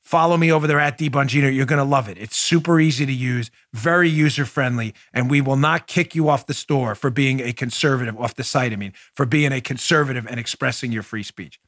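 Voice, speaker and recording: A middle-aged man hosting a podcast, giving mocking, animated political commentary with loud outbursts. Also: mid-range voice, a little fast, hardly any pauses. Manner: mocking, loud outbursts, mock-theatrical recitation. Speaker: podcast host.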